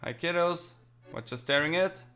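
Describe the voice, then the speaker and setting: Bright-voiced man rambling over gameplay. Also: a little high, normal speed, soft background music. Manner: rambling, self-mocking talk to himself while playing. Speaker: gaming channel host. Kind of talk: casual let's-play commentary.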